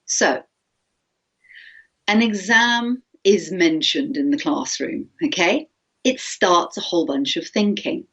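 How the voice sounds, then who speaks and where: A woman teacher trainer giving an interactive workshop talk, lively and animated, acting out anxious inner voices and often checking in with "okay?". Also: fairly low pitch, slow, breathy edge, lo-fi sound.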